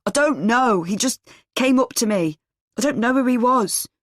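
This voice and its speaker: A man's voice: extremely high pitch, lively intonation, moderate pace, fairly bright tone, a little hiss or hum, voice pushed up. A woman voicing a scared, clueless male messenger who pleads and swears in a raised voice.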